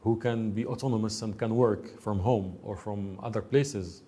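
A man's voice: fairly low pitch, fairly even intonation, normal speed, mellow. A man from Morocco answering interview questions about his company, hesitant, with many fillers and repeated words. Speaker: guest, company head.

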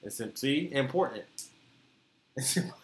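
A man's voice: medium pitch, lively intonation, measured pace, reverberant, slight background noise. A man with a Detroit accent tinged by a Southern twang, co-hosting a casual adult chat podcast, joking and slangy. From born in Florida, raised in Detroit. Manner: laid-back, joking, slangy, often laughing. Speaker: podcast co-host.

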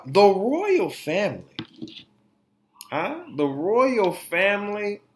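A male podcast host giving casual, joking commentary on celebrity news, full of slang and frequent laughs. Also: a little high. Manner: animated, joking, laughs often, slang-heavy. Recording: echoey room.

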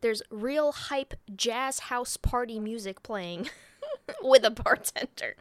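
Fairly high-voiced woman on a casual podcast, taking her time as she rambles through a story with plenty of swearing. Her voice is dry and close to the mic, with no room sound. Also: slow, no echo. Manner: rambling, sweary, laughs often. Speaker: podcast co-host. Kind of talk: casual podcast chat retelling a film.

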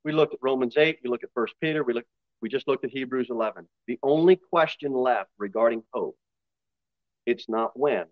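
A man with a Northern US accent, a pastor giving a sermon in a conversational style with quick asides and voiced impressions. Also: mid-range voice, dry recording, muffled recording. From northern United States.

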